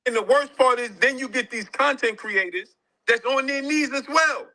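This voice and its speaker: Argumentative man, sports commentary host, high, sharp-toned delivery. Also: moderate pace, poor audio. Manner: argumentative, scornful. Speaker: boxing manager and show host.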